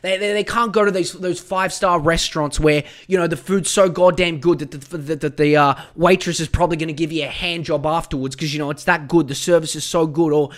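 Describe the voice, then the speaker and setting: High-voiced man ranting on a podcast. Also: steady tone, a little fast, few pauses, fairly bright tone. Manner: profane, heated, stammering restarts. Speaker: podcast host. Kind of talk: ranting solo podcast monologue.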